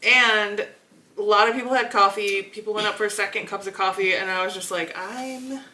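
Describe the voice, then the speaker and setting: A woman co-hosting a podcast in casual chat, chatty and playful and quick to laugh. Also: medium pitch, fairly even intonation, pushed and bright, low-quality recording. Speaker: podcast co-host.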